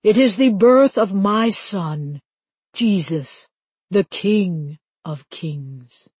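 A woman narrator voicing God as a booming, ominous stage voice that speaks slowly and drops low. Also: darkish tone, slightly rough, dry recording. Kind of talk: audiobook narration.

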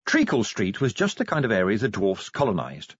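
A man narrating an audiobook with an expressive, varied delivery. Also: fairly low pitch, a little fast, breathy edge, no room sound. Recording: dull, muffled dry recording.

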